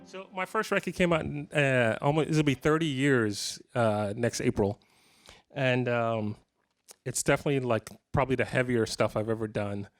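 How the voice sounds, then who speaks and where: A guitarist in his fifties tells funny stories to a live clinic audience, his voice medium in pitch and moderate in pace. His casual storytelling is animated and jokey, with frequent laughs. Faint music plays in the background.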